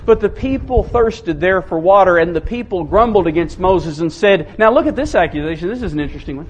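High-voiced preacher, muffled recording. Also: male voice, expressive. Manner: emphatic, repeats key phrases, slows down for stress. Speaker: pastor. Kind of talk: sermon. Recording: muffled with faint background hiss.

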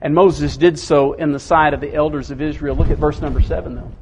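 A man preaching a sermon as pastor, speaking emphatically, repeating key phrases and slowing down to stress them. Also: on the high side, steady tone. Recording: muffled with faint background hiss.

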